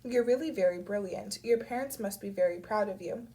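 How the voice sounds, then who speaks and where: A woman with a cold voicing a warm, chatty middle-aged mother who rambles effusively on a phone call. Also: medium pitch, a little fast, close to an everyday voice. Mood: eager. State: has a cold.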